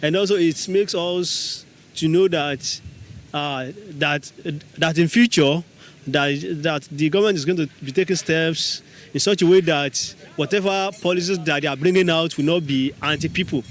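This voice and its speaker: A Nigerian man talks outdoors with traffic noise around him. He speaks hesitantly, with frequent pauses and fillers. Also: on the high side.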